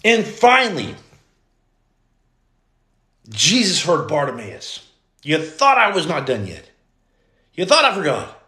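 A man's voice: a little high, wildly swooping pitch, slow pace, pauses often, sharp tone, echoey room. A man hosting a motivational livestream, greeting viewers and reading their comments aloud. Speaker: podcast host, former Navy SEAL.

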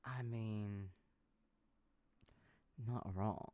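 A man hosting a casual chat show, reading viewer messages aloud with lively, laughing delivery. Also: on the low side, very slow, clear, resonant tone, dry recording.

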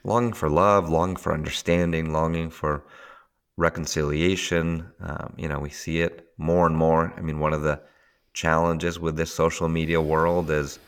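A man's voice: extremely low pitch, normal speed, clean tone. A man casually explaining emotional tapping in conversation, often laughing and acting out what people think to themselves. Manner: animated, laughs often, acts out inner voices. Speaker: tapping teacher, podcast guest.

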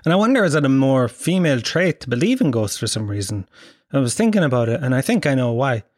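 A man spins loose, profane anecdotes in a wry, chatty way and often laughs mid-sentence. His voice sits at a middling pitch. The sound is dry and close, with no room around it. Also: very animated, fast, no echo. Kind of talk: casual comic storytelling.

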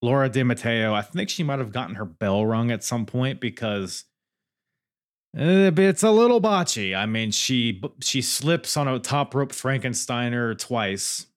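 A man's voice: mid-range voice, a little slow, hardly any pauses. Man rambling through a wrestling recap. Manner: rambling, joking and profane, with many restarts. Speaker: wrestling podcast host. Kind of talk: casual show recap.

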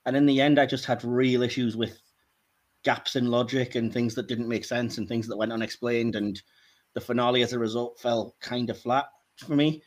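A man co-hosting a casual podcast, a little hoarse, candid and wry, often laughing. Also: mid-range voice, fairly even intonation, moderate pace. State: slightly hoarse. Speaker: podcast co-host.

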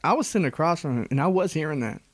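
High-voiced joking man saying bro. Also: lively intonation, very fast. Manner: crude, joking, lots of 'bro'. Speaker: podcast co-host. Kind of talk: casual chat.

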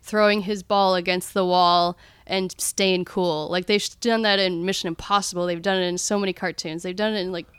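A woman's voice: on the low side, steady tone, moderate pace, few pauses, smooth, no echo. A woman co-hosting a podcast, casually arguing about a film with strong opinions and retelling scenes with animation. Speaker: podcast co-host.

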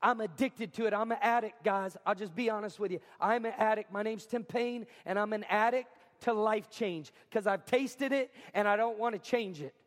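A man preaching as a pastor, talking in an energetic, emphatic way and repeating lines for effect. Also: sits high, moderate pace, hardly any pauses, big-room sound. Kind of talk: sermon. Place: school cafeteria or gym used as a church.

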